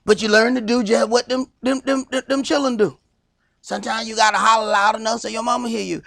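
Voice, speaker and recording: A man with a Southern US accent teaching a Sabbath Bible class in a loud, animated sermon style, acting out little skits. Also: very high voice, brisk, vocal fry. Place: congregation hall.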